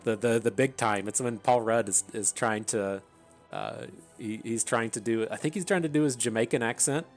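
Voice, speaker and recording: Man casually commentating his gameplay. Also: mid-range voice. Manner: chatty, thinks aloud, laughs at his own tangents. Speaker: gaming channel host.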